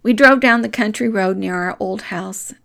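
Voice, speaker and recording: A woman's voice: medium pitch, normal speed, vocal fry, a bit bright. A woman telling a personal story from her childhood, emotional and often dropping to a whisper.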